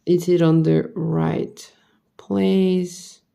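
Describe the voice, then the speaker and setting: A woman's voice: fairly low pitch, level tone, drawn-out words, gravelly, dark tone, clear, resonant tone. A tired woman vlogger talking to herself as she builds a model kit, muttering the same questions over and over. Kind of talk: casual talk while building.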